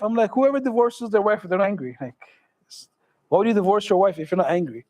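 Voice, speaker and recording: High-voiced imam joking with his congregation. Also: fairly quick, darkish tone, low-quality recording. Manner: joking, conversational, asks the audience questions. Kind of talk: casual sermon to a congregation.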